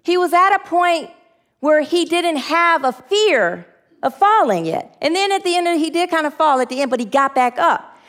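A woman's voice: sits high, animated, moderate pace, fairly bright tone. A woman minister giving a spiritual sermon, earnest and leading the group in spoken affirmations.

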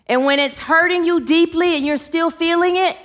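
A woman's voice: extremely high pitch, fairly even intonation, normal speed, a bit bright. A woman giving a spiritual teaching talk, repeating phrases for emphasis and leading her listeners in affirmations.

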